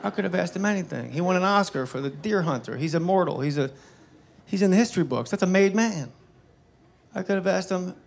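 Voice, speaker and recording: A man doing stand-up comedy, telling animated, profane, self-mocking stories to a live audience. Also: high voice, a little fast, creaky, slight background noise. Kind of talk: stand-up storytelling. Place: stage before a live audience. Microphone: wearing a microphone. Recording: live stand-up with faint crowd.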